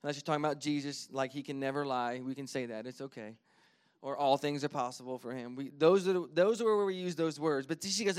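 Earnest male pastor, thirties, preaching a sermon; slightly high voice, swings between soft storytelling and emphatic exhortation. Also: smooth. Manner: earnest, builds from quiet to emphatic; reads scripture slowly and deliberately.

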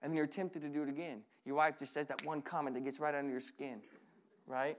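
A male pastor preaching with lively, conversational energy. His voice sits high for a man. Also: a little fast. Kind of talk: sermon.

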